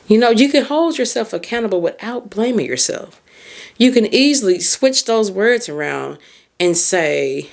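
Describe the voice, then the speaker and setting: A woman's voice: moderate pace, vocal fry. Earnest woman podcast host giving advice. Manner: earnest, speaks straight to the listener; expressive pitch swings on emphasis. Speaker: podcast host and mindset coach. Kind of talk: heartfelt advice monologue.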